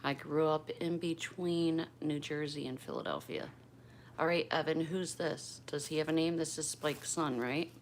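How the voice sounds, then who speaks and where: An older Pennsylvania woman, from Bristol, keeps her low voice down while hosting a laid-back livestream in a home room. She talks at a normal pace with fairly even intonation, naming viewers as she chats, against slight background noise.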